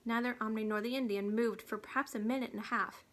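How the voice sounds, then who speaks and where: A woman reading a children's storybook aloud, steady and hushed at tense moments. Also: fairly high pitch, quick pace. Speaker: reader.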